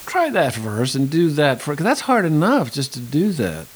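A man's voice: a little high, wildly swooping pitch, normal speed, slightly rough, rough recording. A man in his fifties, an actor, talking casually in an interview, rambling with lots of restarts and asides. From United States. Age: 50s. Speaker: actor guest.

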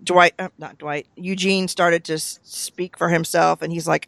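Easygoing podcast co-host with a gravelly, dry-sounding voice, leading a relaxed chat through set questions. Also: medium pitch, measured pace, no room sound. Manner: easygoing, asks numbered questions, chuckles often. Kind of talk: casual discussion of a TV episode.

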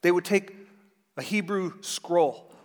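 A man in his thirties, a pastor preaching a sermon with animated storytelling, acting out quotes in a raised voice. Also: high-pitched, takes it slowly. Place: church sanctuary. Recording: long hall reverb.

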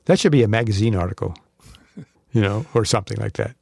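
A man's voice: fairly low pitch, a little fast, creaky, a little mellow, breathy edge, no room sound, studio quality. A man hosting an aviation podcast, chatting casually and reading out the closing details. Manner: friendly, wraps up the show. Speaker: podcast host. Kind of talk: casual chat and show sign-off.

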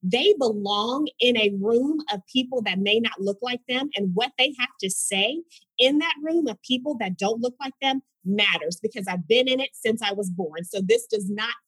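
A woman from Oklahoma speaks as a guest, telling personal stories with animated expression. Her voice sits fairly high and has a breathy, husky edge. The recording is dry and close, with no room echo. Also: moderate pace. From Tulsa, Oklahoma, US. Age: adult mother of school-age sons. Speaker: podcast guest. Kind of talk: personal storytelling in a conversation.

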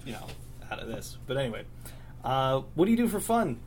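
A man hosting a podcast, asking short questions in a relaxed, casual way. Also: mid-range voice, brisk, slight background noise. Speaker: podcast host. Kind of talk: casual interview chat.

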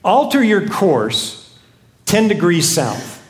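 A preacher voicing an irritated ship captain. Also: male voice, high-pitched, sing-song, takes it slowly, slight background noise, heavily acted. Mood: commanding. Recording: echoey room.

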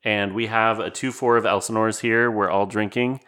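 A man's voice: lowish voice, steady tone, moderate pace, sharp tone. A man co-hosting a casual podcast chat, joking through mock-serious exaggerations. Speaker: podcast co-host.

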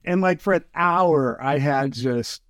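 A man's voice: on the high side, slow pace, a bit bright, no room sound, clean studio sound. A man telling fishing stories in casual chat, acting out quotes with lots of fillers. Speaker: fly fishing guest.

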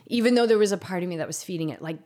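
A woman's voice: fairly low pitch, rapid-fire, mellow. A woman telling a painful personal story in an intense, confessional way, saying "like" often. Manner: intense, confessional, heavy use of "like".

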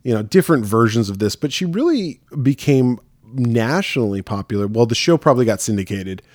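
A man's voice: medium pitch, very animated, fairly quick, a little mellow, no echo, studio quality. A man hosting a casual horror podcast, talking loosely with many fillers and restarts. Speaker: podcast host. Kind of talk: casual chat.

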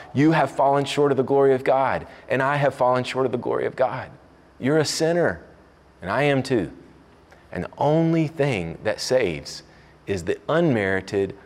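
Male pastor with a low voice, conversational sermon with humor and dramatic pauses, long hall reverb.

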